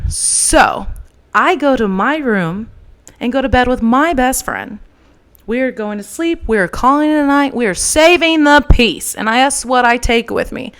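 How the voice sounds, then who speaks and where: A young woman with a slightly high voice tells her own story on a podcast. She is animated and blunt, with casual cursing along the way. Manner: animated, frank, swears casually. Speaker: podcast host. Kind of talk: candid personal storytelling.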